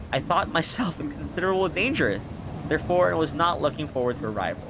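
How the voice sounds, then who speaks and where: A man's voice: on the high side, expressive, fast talker, background noise. Man reading a game aloud, stumbling. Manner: reads aloud with stumbles and self-corrections. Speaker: gamer. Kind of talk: reading a narrative game aloud with casual commentary.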